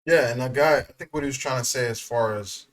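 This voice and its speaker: A man's voice: mid-range voice, fast. A man hosting a reaction video, talking casually and giving his opinions straight to his viewers. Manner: conversational, opinionated, addresses viewers directly. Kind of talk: casual commentary.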